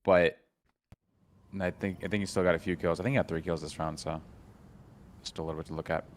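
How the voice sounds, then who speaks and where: A man's voice: sits low, steady tone, fairly quick, a little hiss or hum. A man chatting casually on a gaming stream, often repeating words as he starts a thought.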